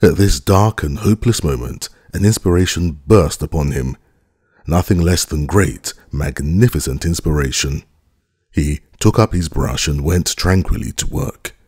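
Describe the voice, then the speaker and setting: A male audiobook narrator with a very deep, husky voice tells the story in measured, expressive scripted narration. The recording is close and dry, with no room sound. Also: no echo.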